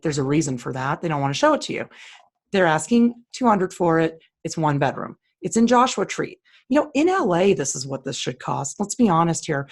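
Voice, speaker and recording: A woman co-hosting a casual talk, walking through listings on screen in a blunt, opinionated, plain-spoken way. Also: sits low. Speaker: co-host. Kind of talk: casual screen-share commentary.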